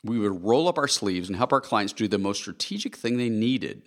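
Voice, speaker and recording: A man's voice: lowish voice, animated, normal speed, fairly bright tone. A man reading his own nonfiction book aloud in an earnest, conversational storytelling way. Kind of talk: scripted audiobook narration.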